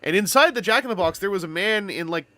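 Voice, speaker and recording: A man's voice: high voice, expressive, fast, pushed and bright, dry recording. A man from Canada chatting casually on a live stream, telling rambling stories with playful wordplay.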